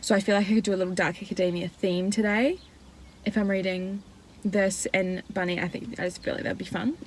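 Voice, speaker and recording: Talking a little fast in a medium-pitched voice with fairly even intonation, a twenty-something book vlogger with a New Zealand accent chats about books over slight background noise. She's chatty and uses "like" constantly.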